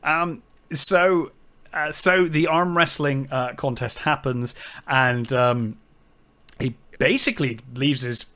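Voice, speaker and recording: A man's voice: mid-range voice, slow. A man co-hosting a film podcast, casually recapping scenes and quoting lines. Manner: retells scenes with quoted lines, relaxed. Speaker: podcast co-host. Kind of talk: casual film review chat.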